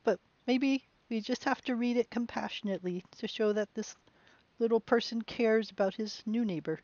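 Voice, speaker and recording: A woman giving chatty, musing let's play commentary on a game, with bursts of excitement. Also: a little high, moderate pace, muffled recording. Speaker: game streamer.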